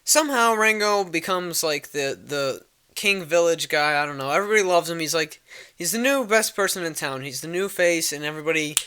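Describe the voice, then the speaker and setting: Young man, casual rambling plot recap, crisp smooth voice, swears a lot. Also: a little high, expressive, fairly quick, pushed and bright. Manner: rambling, filler-heavy and profane. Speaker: vlogger.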